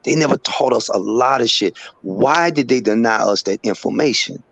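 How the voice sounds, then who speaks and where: A man's voice: medium pitch, normal speed, fairly bright tone, no echo. A man in casual live-stream chat who talks in an earnest, rambling, somewhat preachy way. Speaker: co-host.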